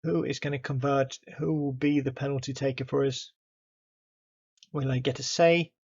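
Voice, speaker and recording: A man calls the action of a football management game in an excitable, chatty play-by-play. His voice sits in a middle pitch. He talks straight to his players and the referee, and the recording sounds a little dull and muffled. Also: moderate pace, slightly rough. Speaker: gaming YouTuber.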